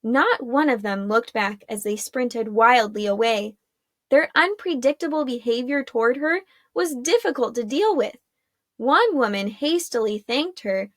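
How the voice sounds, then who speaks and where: A woman narrating a chapter of a fantasy story in a steady storytelling manner. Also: on the high side, dry recording, clean studio sound. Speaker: audiobook narrator. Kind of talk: scripted narration.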